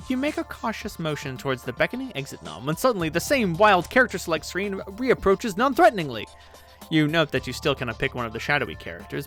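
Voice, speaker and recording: A man reading a webcomic aloud with playful, animated delivery. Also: a little high, creaky. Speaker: webcomic reader.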